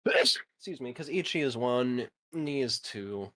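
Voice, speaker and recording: A man's voice: medium pitch, expressive, measured pace, pushed and bright. A man in his twenties chatting casually with a friend, swearing now and then and reading facts aloud. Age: 20s. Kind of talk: casual chat.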